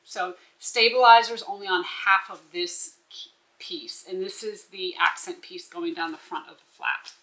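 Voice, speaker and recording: Woman instructor, crisp bright voice, patient step-by-step sewing walkthrough. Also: on the low side, fairly even intonation, measured pace, low-quality recording. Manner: instructive, checks in with "okay?". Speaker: bag-making instructor.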